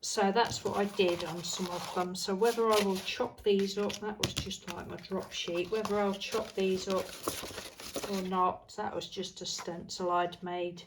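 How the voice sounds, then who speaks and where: A woman's voice: medium pitch, steady tone, measured pace, noisy background. A British woman chatting casually as she shows her crafts, rambling and cheerful. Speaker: craft vlogger. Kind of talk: casual chat while crafting.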